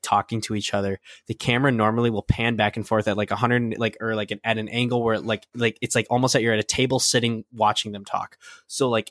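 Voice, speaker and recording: A young man co-hosting a podcast, retelling a scene in an excited, rambling way full of fillers. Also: on the low side, no echo, studio quality. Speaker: podcast co-host. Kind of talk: casual fan chat.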